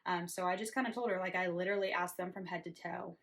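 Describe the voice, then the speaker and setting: A woman's voice: lowish voice, steady tone, fast, fairly bright tone. Chatty, earnest woman nurse. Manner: chatty, earnest, many fillers and restarts. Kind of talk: casual storytelling to camera.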